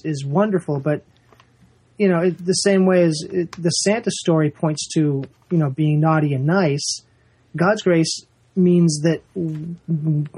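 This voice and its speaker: A man's voice: a little high, a little mellow, breathy edge. A man in a casual talk, speaking earnestly and reflectively. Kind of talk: casual chat.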